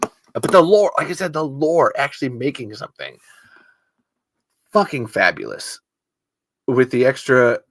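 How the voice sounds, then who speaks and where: A man's voice: medium pitch, lively intonation, a little slow, long pauses, a bit bright, no echo. A man hosting a podcast solo in loose, rambling casual chat, swearing freely. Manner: rambling, swearing, self-interrupting. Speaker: podcast host.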